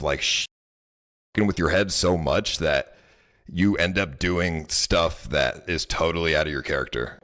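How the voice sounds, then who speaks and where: A man's voice: deep voice, fairly bright tone. A man telling a personal story in a casual, rambling way, frustrated and full of filler words.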